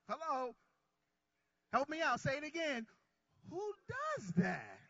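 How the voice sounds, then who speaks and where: A man preaching a sermon who calls on his congregation to answer back, drawing out key words and swinging between quiet asides and loud lines. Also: very high voice, wildly swooping pitch, takes it slowly, no room sound, highs cut off. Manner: call-and-response with the congregation.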